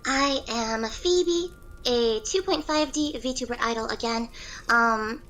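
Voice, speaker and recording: A woman's voice: a little high, takes it slowly, a bit bright, slight background noise, poor audio. A bubbly, giggly woman chatting as a guest on a voice call, with her morning voice. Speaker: VTuber idol singer, guest. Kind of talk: casual chat.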